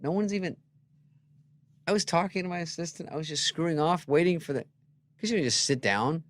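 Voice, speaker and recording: A middle-aged comedian telling stories in a casual chat, acting out the people he quotes with sudden loud jumps. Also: a little high, brisk. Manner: animated, acts out quoted voices with loud jumps. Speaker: guest comedian.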